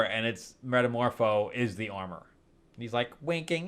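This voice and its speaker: A man's voice: mid-range voice, normal speed. A man in a mid-range voice hosting a loose, chatty comic review. He rambles through the plots with sarcastic asides and frequent chuckles. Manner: rambling, sarcastic, laughs often. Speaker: comic book reviewer, host. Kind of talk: casual review chat.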